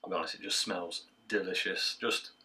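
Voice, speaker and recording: Man, bright forward tone, relaxed chatty beer review, indoors at home. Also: sits low, normal speed. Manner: chatty and relaxed, with frequent filler sounds.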